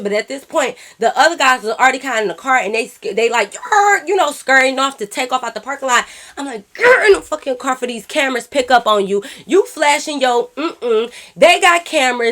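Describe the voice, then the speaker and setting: Animated storytelling young woman, high voice. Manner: animated, profane, talks straight to viewers. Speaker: YouTuber telling a story. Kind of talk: casual storytime.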